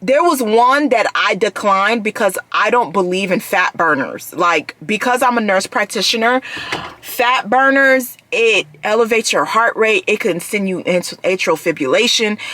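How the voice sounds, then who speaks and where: A woman's voice: mid-range voice, bright, forceful tone, no echo. Chatty woman vlogger talking to viewers. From United States. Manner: chatty, addresses viewers as "y'all", trails off and restarts. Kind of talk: casual vlog chat.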